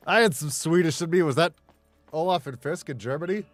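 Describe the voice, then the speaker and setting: A man's voice: fairly high pitch, expressive, brisk, no room sound, soft background music. A man streaming a game, rambling in casual chatter, swearing and laughing often.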